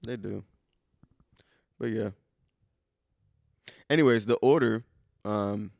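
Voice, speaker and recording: Young dude on a podcast, gravelly low voice, swearing, dry close mic. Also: male voice, darkish tone, dry recording. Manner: laid-back, profane, halting restarts. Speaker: podcast co-host. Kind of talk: casual chat.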